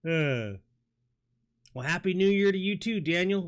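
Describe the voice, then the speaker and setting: A man's voice: high-pitched, lively intonation, a little slow, clean tone. Rambling man with a New York accent. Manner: rambling, reads chat aloud, frequent fillers and restarts. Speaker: livestream host. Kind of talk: casual livestream chat. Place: home toy room. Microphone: studio microphone.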